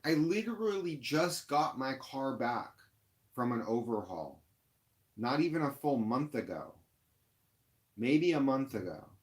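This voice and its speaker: A rideshare driver ranting on a live stream, frustrated and upset, with halting restarts and lots of fillers. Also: male voice, mid-range voice, very animated. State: upset, near tears.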